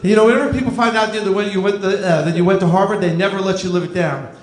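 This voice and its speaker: His voice sits high with a steady tone, and he's a fast talker: a fifties-aged New Jersey man doing stand-up on a club stage. The comedy is dry and self-deprecating, recorded in an echoey club with the audience audible.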